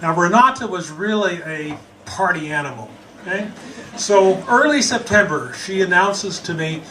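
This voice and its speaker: A man from the United States spins a funny tale in a high, bright voice that swings all over. He tells it with amused energy, a little off-mic, with a faint hiss behind him. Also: moderate pace, distant mic, low-quality recording. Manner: animated, chuckling as he tells it. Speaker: storyteller. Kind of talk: humorous personal storytelling.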